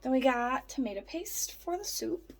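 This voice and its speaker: In her home kitchen, a young woman narrates a casual vlog while putting groceries away, chatty and playful. Her sing-song voice moves at a moderate pace, and she talks to her cat in a squeaky baby voice. There's a little hiss or hum.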